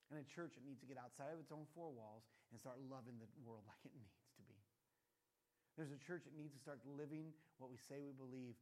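Male pastor, slightly high voice, animated sermon full of rhetorical questions.

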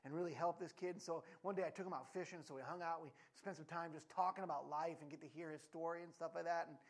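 Animated preacher man, jumpy pitch. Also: fast talker. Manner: animated, voice jumps up and cracks when telling stories; drops low and quiet for serious points. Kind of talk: sermon with personal storytelling.

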